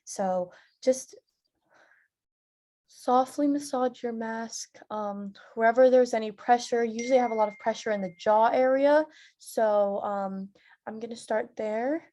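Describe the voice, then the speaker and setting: A woman with a fairly high voice walks a group through acting warm-ups. She talks loosely, with many fillers, and bursts into loud roars and sirens to show each exercise. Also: moderate pace. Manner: instructive, filler-heavy, with loud vocal demonstrations. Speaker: drama teacher. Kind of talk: leading theatre warm-up exercises.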